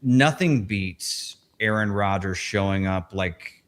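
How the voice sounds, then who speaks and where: A man co-hosting a fantasy football podcast, animated as he breaks down players and jokes with his co-host. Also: on the low side, slow, a little hiss or hum. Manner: animated analyst, jokes and laughs. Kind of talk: casual podcast chat.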